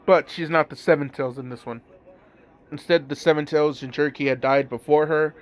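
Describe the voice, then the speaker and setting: A man's voice: on the high side, steady tone, a little fast. A man casually telling a fan-made story, rambling with lots of fillers and asides. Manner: rambling, filler-heavy, amused.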